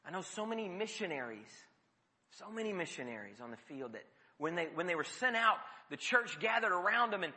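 A man preaching a sermon, telling the story lively and dropping his voice low for emphasis. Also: a little fast, long reverb tail. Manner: storytelling with sudden drops to a near whisper.

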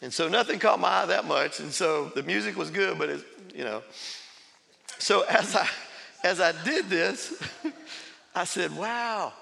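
Preacher with a gravelly, bright voice. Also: male voice, high-pitched, lively intonation, measured pace, pauses often, big-room sound. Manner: storytelling with laughs and acted quotes. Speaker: pastor. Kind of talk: sermon testimony. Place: large church sanctuary.

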